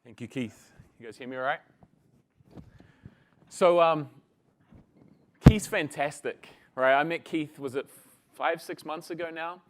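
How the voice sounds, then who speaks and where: A man's voice: a little high, unhurried, long pauses, slight background noise. A man giving a casual conference talk, chatting with the audience and telling a story. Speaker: conference presenter.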